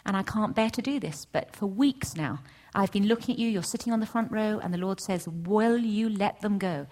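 At a church session, a middle-aged woman shares her testimony as a sermon, telling her story at a moderate pace. She brings it to life with animated dialogue, voicing the characters with big jumps in pitch.

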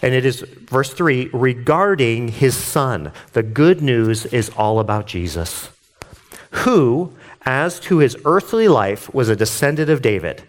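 A man's voice: medium pitch, expressive, a little slow. Earnest man reading and explaining scripture. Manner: earnest, gets worked up; reads scripture then explains it conversationally. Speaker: Bible teacher. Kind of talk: devotional Bible reading and commentary.

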